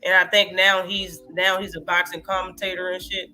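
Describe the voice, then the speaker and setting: Brief: high, bright-voiced man, streaming host, animated and profane, faint music behind. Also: normal speed. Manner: animated, profane, reacts to live chat. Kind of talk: casual live-stream boxing talk.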